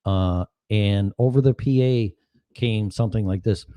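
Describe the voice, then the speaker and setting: A man's voice: on the low side, normal speed, warm tone, dry recording. A man hosting a casual solo livestream, rambling and sarcastic, swearing freely and jumping from topic to topic. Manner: rambling, sarcastic, profane, jumps between topics. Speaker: podcast host.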